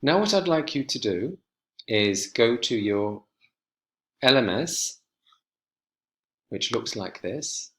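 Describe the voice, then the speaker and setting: Male English teacher, mid-pitched voice, slow clear instructional delivery for a recorded lesson. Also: animated. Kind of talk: recorded online lesson walkthrough.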